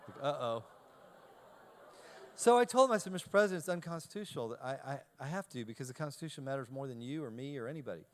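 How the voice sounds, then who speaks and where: A man of ordinary, mid-range pitch speaks to a live audience and tells a humorous story about himself. He acts out both sides of each exchange and pokes fun at his own nerves. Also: fast talker. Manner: animated storyteller, self-deprecating, acts out dialogue. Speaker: keynote speaker.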